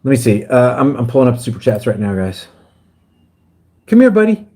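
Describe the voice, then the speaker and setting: A man's voice: mid-range voice, quick pace, darkish tone, breathy edge. A man talking casually on a livestream, rambling and getting heated. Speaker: guest livestreamer.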